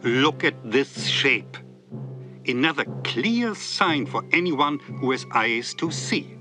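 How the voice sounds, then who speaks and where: Earnest theory writer; slow, lively pitch, insistent questions, music under. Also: male voice. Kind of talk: mock-documentary acting.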